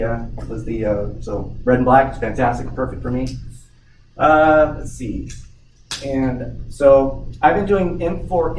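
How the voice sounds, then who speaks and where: Man giving a rambling workshop talk. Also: mid-range voice. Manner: rambling with frequent restarts and light joking. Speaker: software implementation trainer. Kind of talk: workshop presentation. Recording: echoey room, distant mic, faint noise.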